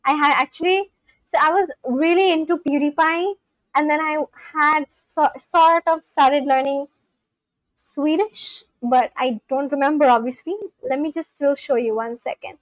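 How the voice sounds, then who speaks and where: Woman, high voice, dry sound, loose streaming chat with lots of restarts. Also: fairly even intonation, measured pace, dry recording. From India. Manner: thinks aloud, answers chat questions, repeats practice phrases with many restarts. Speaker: livestreamer learning a language. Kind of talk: casual live-stream chat.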